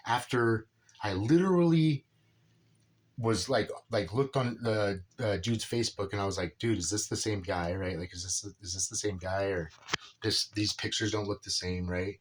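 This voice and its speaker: A man's voice: lowish voice, a little hiss or hum. A man rambling casually through a personal story about his son, filling his talk with "right?" and "dude". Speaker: father telling a personal story.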